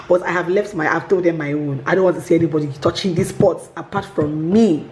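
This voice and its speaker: A woman's voice: lowish voice, moderate pace, darkish tone. A woman, chatting casually to her vlog audience, gushing and laughing often. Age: 30s. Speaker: vlogger.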